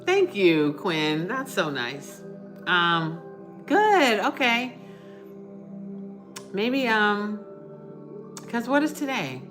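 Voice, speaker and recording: A middle-aged woman hosting a casual livestream, chatting with viewers, reading their comments and offering warm reassurance. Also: fairly high pitch. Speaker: livestream host. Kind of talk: casual live chat with viewers.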